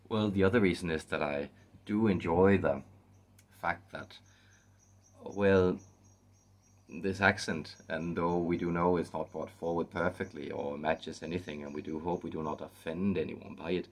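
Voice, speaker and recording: A man voicing a wise, whimsical male spirit guide with a put-on Irish accent, speaking in a sing-songy, formal, measured way as channeled spiritual teaching. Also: sits low.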